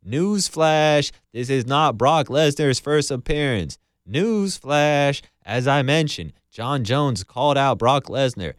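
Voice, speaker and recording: A man's voice: mid-range voice, animated, a little slow, hardly any pauses, no echo. Brief: male podcast host, ranting and swearing, dry close recording. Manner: heated, ranting, heavy swearing. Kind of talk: profane casual commentary.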